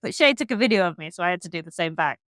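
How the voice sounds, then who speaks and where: A woman from England with an English accent, a guest telling a story in casual chat, frank and animated, swearing freely. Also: fairly low pitch, very fast, no room sound. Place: hostel room.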